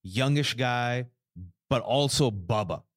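A man co-hosting a podcast, talking politics in a casual, jokey way and slipping into quick impressions. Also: mid-range voice, expressive. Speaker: podcast co-host.

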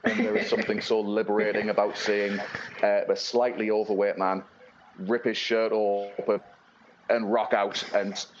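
A rather low-voiced man talks loosely as an interview guest, full of "uh"s and restarts. The sound is muffled video call audio with faint hiss behind it. He wanders through his points in an easygoing way. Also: flat delivery, normal speed. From Northeast England. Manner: rambling, many fillers and restarts. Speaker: blues-rock musician guest. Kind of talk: casual interview chat.

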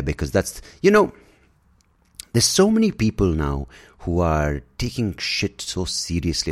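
A man's voice: low voice, vocal fry. A man hosting a show, delivering a sarcastic, profane, casual rant. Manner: sarcastic, profane, animated ranting. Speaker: podcast host. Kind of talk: casual ranting monologue.

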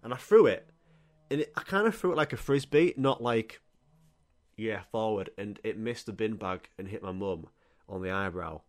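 A man, telling crude, animated comic stories as a podcast host and swearing freely. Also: lowish voice, moderate pace. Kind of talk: comic storytelling monologue.

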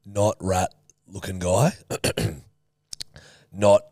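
A young adult man, co-hosting a casual podcast with rambling stories and deadpan jokes. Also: sits low, drawn-out words, dry recording, studio quality. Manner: joking, rambling, deadpan quips. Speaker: podcast co-host. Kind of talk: casual chat.

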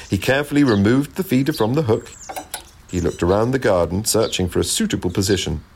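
A man reading a children's storybook aloud in a gentle, expressive way. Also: fairly low pitch, fast talker, creaky, slight background noise.

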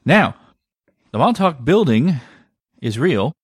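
A man co-hosting a casual podcast, telling a story in an animated way with lots of filler words. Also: a little high, takes it slowly, breathy edge, no room sound, studio quality. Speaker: podcast co-host. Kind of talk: casual conspiracy podcast chat.

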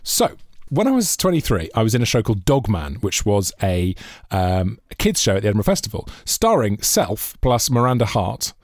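A man's voice: lowish voice, normal speed, no room sound, clean studio sound. A Welsh man co-hosting a podcast, chatting casually and telling jokey stories with lots of laughter. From Wales. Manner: jokey, animated storytelling, often laughing. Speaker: podcast co-host. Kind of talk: casual chat.

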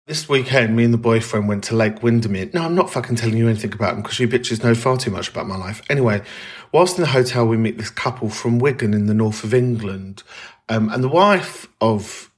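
A man's voice: medium pitch, fairly quick. A man hosting a comedy podcast in a casual monologue, chatty, playful and sweary. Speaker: podcast host.

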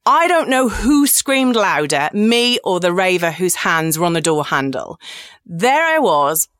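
A woman's voice: on the low side, sing-song, unhurried, a bit bright, clean tone, no echo, clean studio sound. A woman in her forties, a podcast host, tells comic personal stories in a candid, cheeky, self-mocking way.

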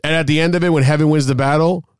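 Rambling excitable man, dry sound. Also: fairly high pitch, racing, smooth, no echo. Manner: rambling, excitable storyteller with many fillers. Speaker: podcast co-host. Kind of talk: casual sports chat.

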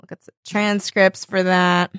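A woman co-hosting a podcast in casual chat, reading a scene aloud in a low, soft voice. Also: level tone, unhurried, clean tone, dry recording, studio quality. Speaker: podcast co-host.

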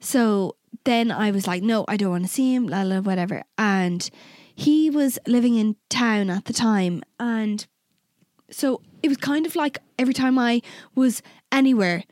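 A woman's voice: fairly high pitch, a little slow, darkish tone, no echo, studio quality. A young woman, co-hosting a podcast, telling a personal story in casual chat, candid and swearing freely. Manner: candid, swears freely, acts out quoted exchanges. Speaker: podcast co-host.

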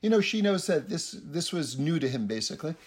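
A man's voice: fairly high pitch, very animated, brisk. A man giving a casual spiritual teaching, rambling and often repeating his words.

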